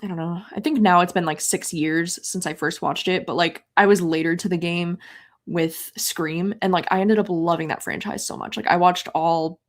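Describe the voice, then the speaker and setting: A young woman hosting a live readathon stream, reading chat messages aloud and chatting casually and excitably, with many filler words. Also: fairly low pitch, moderate pace.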